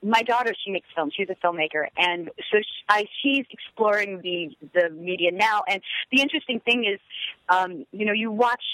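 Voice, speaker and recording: A middle-aged actress calling in as a guest, chatting enthusiastically with many fillers. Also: female voice, mid-range voice, moderate pace, a bit bright, dry recording, rough recording. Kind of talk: phone-in interview.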